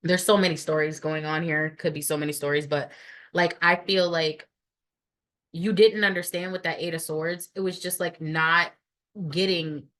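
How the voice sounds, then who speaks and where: A woman's voice: low voice, steady tone, moderate pace, fairly bright tone. A woman giving a casual tarot reading to camera, blunt and profane, rambling with many fillers. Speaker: tarot reader.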